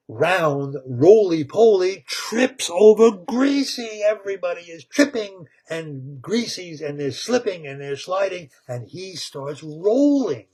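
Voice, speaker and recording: A man retelling a story with excitement, repeating words, laughing and tripping over tongue twisters. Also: on the high side, husky.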